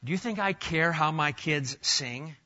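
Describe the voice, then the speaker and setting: A middle-aged man preaching a sermon as pastor, animated, swinging between loud emphasis and soft asides. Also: on the high side, unhurried, highs cut off.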